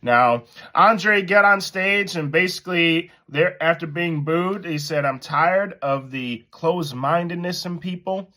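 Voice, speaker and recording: Animated man telling a hip-hop story. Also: fairly high pitch, a little slow. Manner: animated, storytelling, laughs at himself. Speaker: host commentator. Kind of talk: casual commentary.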